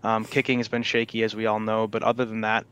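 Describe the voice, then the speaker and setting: A man co-hosting a sports podcast, laying out points in a measured, analytical way. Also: lowish voice, completely flat delivery, a bit bright, smooth, dull audio. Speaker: podcast co-host. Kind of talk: casual sports chat.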